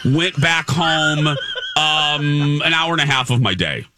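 A man's voice: on the high side, slow pace, background noise. A man hosting a talk show in casual chat, telling a story animatedly and acting out what people said. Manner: animated storyteller, acts out quotes.

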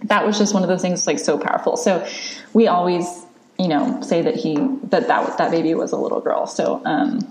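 A woman's voice: on the low side, a little fast, a little mellow, roomy sound. A woman in her thirties, a podcast host, candidly telling a long personal story in casual chat, with lots of fillers and restarts.

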